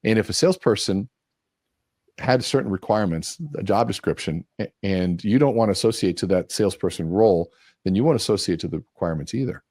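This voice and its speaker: A man's voice: fairly low pitch, a little fast, dry recording, studio quality. A man speaking as a guest in a conversational interview, telling stories and acting out quoted dialogue. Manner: animated storyteller acting out quotes.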